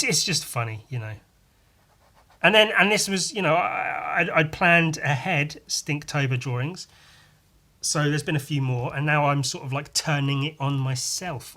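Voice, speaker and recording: A man's voice: a little high, pushed and bright. A man hosting a podcast, ranting casually and profanely with lots of restarts and self-deprecating jokes. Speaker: podcast host. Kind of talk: casual monologue.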